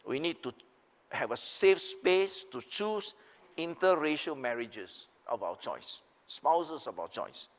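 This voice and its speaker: A man's voice: on the high side, expressive, takes it slowly, in a large hall. An older man, giving an emphatic speech as a panelist, rising and falling on rhetorical questions. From Singapore. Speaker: seminar panelist. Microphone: video call.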